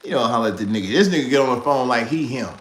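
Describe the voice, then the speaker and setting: A man casually retelling street stories, animated and laughing, in heavy slang. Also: medium pitch, racing, noisy background. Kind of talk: casual storytelling. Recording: echoey room with faint ambience.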